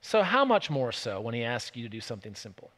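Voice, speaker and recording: A man's voice: mid-range voice, fast, big-room sound, voice pushed down. An Australian man quoting a respectful servant reasoning with his angry master, in his own voice. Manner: calm, reasoning.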